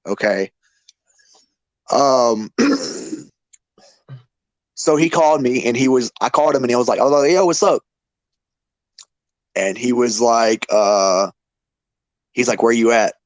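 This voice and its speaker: A man's voice: on the low side, no room sound. A man giving an emotional memorial tribute to a friend in casual, repetitive talk, his voice breaking with grief. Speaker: memorial speaker.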